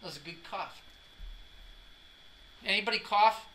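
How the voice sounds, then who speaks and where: A man's voice: sits high, unhurried, sharp tone, rough recording. A man giving a classroom anatomy lecture, joking and quizzing students as he goes. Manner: joking, drills students with questions.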